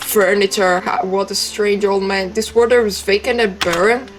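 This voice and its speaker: A woman, a native Italian speaker, playing a text game and reading its lines aloud with chatty, playful asides. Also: mid-range voice. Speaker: let's play streamer.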